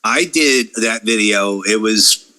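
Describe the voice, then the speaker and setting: A man's voice: on the low side, takes it slowly. A man talking in a casual podcast chat, ranting and swearing freely about online critics. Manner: profane, animated, ranting. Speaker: wrestling YouTuber guest.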